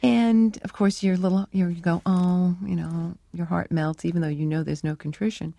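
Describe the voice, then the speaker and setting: A woman's voice: fairly low pitch, steady tone, normal speed, vocal fry, dark tone, no echo. A researcher woman being interviewed, telling stories in a reflective, conversational way with fillers. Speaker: animal cognition researcher, guest. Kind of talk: interview answers, storytelling.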